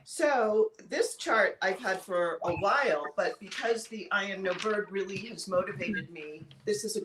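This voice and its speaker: Here a Midwestern woman co-hosts with playful teasing and easy chatter, speaking a little slowly in a mid-range voice. Faint noise sits under the echo of the room.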